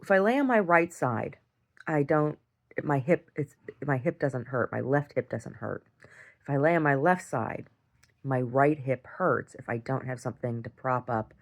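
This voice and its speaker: Very deep-voiced and animated, a woman speaks at a moderate pace in her casual video diary. Her long story rambles, with sentences restarted and frequent laughter.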